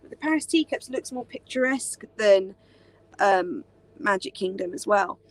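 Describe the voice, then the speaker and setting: A young woman from Britain runs a live chat, talking casually and rambling with many fillers like um and like. She sounds animated in a mid-range voice, moves at a moderate pace, and there's no room sound.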